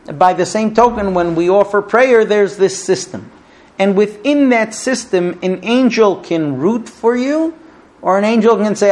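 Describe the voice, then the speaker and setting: A man giving a Talmud class, telling stories with vivid, animated intonation and conversational fillers. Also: high-pitched, a little slow. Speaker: Torah teacher.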